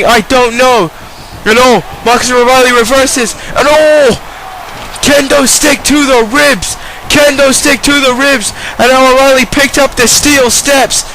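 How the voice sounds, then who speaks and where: A man doing excited play-by-play wrestling commentary, shouting and repeating the big moments. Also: extremely high pitch, slight background noise, rough recording. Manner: shouting, repeating key calls.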